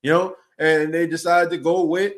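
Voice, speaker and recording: A man's voice: a little high, little pitch movement, moderate pace. A man hosting a casual sports talk podcast. He talks in a loose, conversational way, often restarts his words, and reads out and answers listener comments. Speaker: podcast host.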